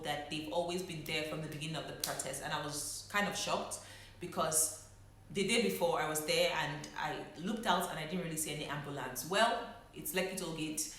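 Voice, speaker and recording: A woman's voice: lowish voice, a bit bright, slight background noise. A young woman, a doctor, telling her own story in a reflective way and holding back emotion. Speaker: medical doctor. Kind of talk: personal vlog storytelling. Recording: very echoey room.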